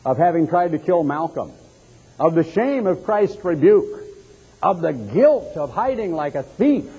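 A man's voice: fairly high pitch, mellow, breathy edge. A man preaching a sermon, retelling a scripture story dramatically and acting out the quoted voices. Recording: long hall reverb.

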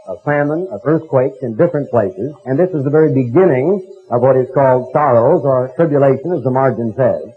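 An older American man preaching a sermon in a folksy storytelling manner, with a husky voice. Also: on the high side. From United States. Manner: folksy storytelling, mocking impressions. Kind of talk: sermon with anecdotes. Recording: tinny phone-like recording.

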